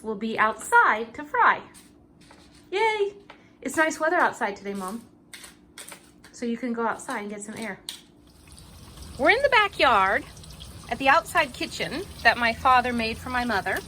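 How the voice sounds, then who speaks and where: Bright, forceful and expressive, this woman's somewhat high voice moves at a normal speed as she cooks alongside her mother for her vlog, loosely talking through each step with fillers. The setting shifts from a kitchen to a backyard kitchen outdoors, and there's a little hiss or hum.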